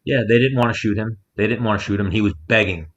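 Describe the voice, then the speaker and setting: A podcast co-host with a fairly low voice talks fast as he tells a story from a rented house. It's a casual storytelling chat, loose and profane, and he animatedly acts out quotes loudly to punch them up. The audio is muffled and lo-fi, like a remote call.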